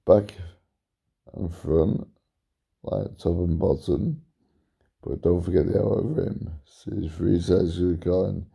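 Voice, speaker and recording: Talking to camera, this weary man drifts through a repetitive, wandering monologue, yawning occasionally and saying things over again. He speaks slowly with long pauses, his intonation fairly even apart from sudden pitch jumps, and his voice is creaky, warm and husky.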